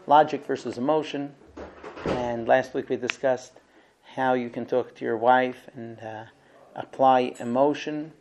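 Male religious teacher, storyteller who acts out every character, lively and expressive. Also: on the high side. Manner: acts out characters with big swings from shouts to hushed whispers. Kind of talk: animated storytelling lesson.

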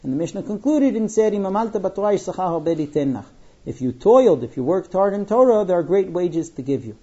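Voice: medium pitch, animated, a little fast, dark tone, breathy edge, highs cut off. A Torah teacher giving a Mishnah lesson, quoting Hebrew lines, then translating and explaining them through everyday stories. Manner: conversational, with fillers and personal stories.

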